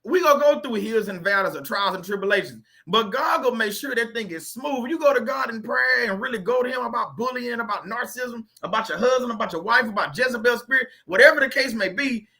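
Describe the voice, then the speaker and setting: Guy preaching to his channel, AAVE, high bright voice, talks to y'all like church. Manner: conversational preacher, repeats phrases, reads scripture slowly. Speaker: YouTube faith channel host. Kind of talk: informal preaching and scripture reading.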